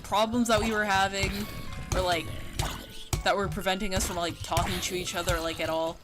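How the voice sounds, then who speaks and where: A woman's voice: medium pitch, fairly even intonation, brisk. A woman streaming a game, chatting casually and rambling with lots of fillers, now and then yelping at the game. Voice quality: worries her voice sounds nasal. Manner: rambling, filler-heavy, breaks into yelps at the game. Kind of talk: casual gaming stream chat. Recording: game music playing behind.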